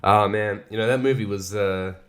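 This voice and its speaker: A man's voice: fairly low pitch, steady tone, normal speed, a bit bright, clear, resonant tone. Man ranting on a solo podcast. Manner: rambling, swears a lot, laughs often. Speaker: podcast host. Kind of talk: casual solo podcast rant.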